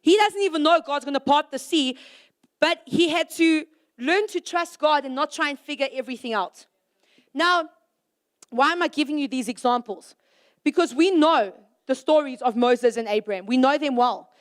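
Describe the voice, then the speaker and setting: A young woman giving a sermon to young people in a lively, conversational way, firing rhetorical questions at the audience and acting out little scenes. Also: sits high, normal speed. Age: young adult. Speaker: youth speaker. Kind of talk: youth sermon.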